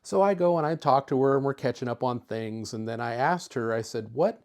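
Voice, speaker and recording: A man's voice: mid-range voice, a little fast. Easygoing middle-aged man telling a story. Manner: chatty, easygoing, with filler words. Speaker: retro computer YouTuber. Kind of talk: casual storytelling to camera.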